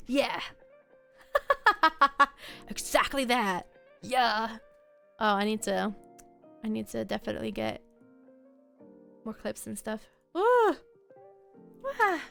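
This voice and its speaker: A young woman chats casually to her viewers, rambling from one thing to the next. Her voice sits a little high, and she laughs often between thoughts. Soft music plays faintly behind her. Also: gravelly. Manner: chatty, rambling, quick to laugh. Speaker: streamer. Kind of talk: casual chat.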